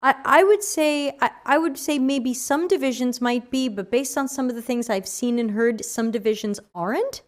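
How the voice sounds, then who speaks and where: A woman hosting a casual livestream Q&A, chatty and animated, reading chat questions aloud, her voice tired after an hour of talking. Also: sits high, moderate pace, few pauses. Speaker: livestream AMA host.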